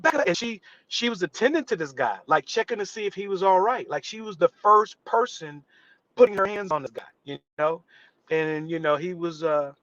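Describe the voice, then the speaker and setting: A man's voice: fairly high pitch, no echo, muffled recording. A man, an actor guest on a live interview show, telling a story and acting out the voices of the people in it. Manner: animated, acts out quotes with voice shifts.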